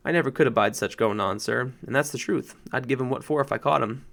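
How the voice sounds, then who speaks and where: A man voicing a humble, plain-spoken London cabman with rough working-class speech in an audiobook. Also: mid-range voice, fast, fairly bright tone. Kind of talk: audiobook narration.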